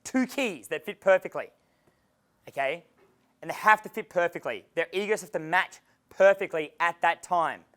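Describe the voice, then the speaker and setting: A man's voice: sits high, moderate pace, a bit bright, clean tone. Brash man lecturing a seminar crowd. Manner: brash, profane, casual, chuckles often. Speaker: dating coach. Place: seminar room with a live audience.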